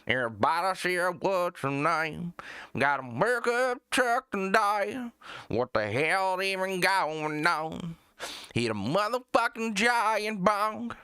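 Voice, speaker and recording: A man's voice: high-pitched, very animated, slow pace, pushed and bright, clear, resonant tone, dry recording, clean studio sound, pitched above the performer's own voice, heavily acted. A man putting on a mocking impression of a male country singer, drawling in an exaggerated sing-song way.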